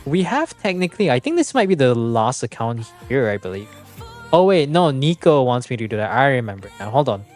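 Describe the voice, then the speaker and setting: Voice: medium pitch, sing-song, brisk, a little mellow, soft background music. A game streamer in casual livestream chat, explaining numbers, chatting and laughing often.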